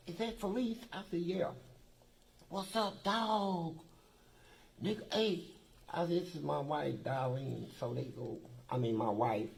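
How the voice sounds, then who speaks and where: A man from Kentucky, appearing as an interview guest, tells profane, streetwise stories in casual conversation and acts out the dialogue. His voice is fairly high, gravelly and somewhat dark. The audio is poor, with a little hiss or hum.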